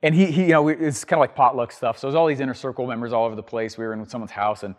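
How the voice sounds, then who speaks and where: A man hosting a show and teaching entrepreneurs, telling an energetic, rambling story to the camera with plenty of ums and restarts. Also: medium pitch, very fast, in a large hall. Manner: writes on a board while talking.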